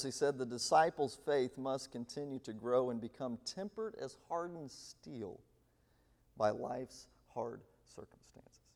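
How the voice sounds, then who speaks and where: A man giving a sermon as a guest speaker, swinging between loud pleading and hushed, near-whispered lines. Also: a little high. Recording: long hall reverb.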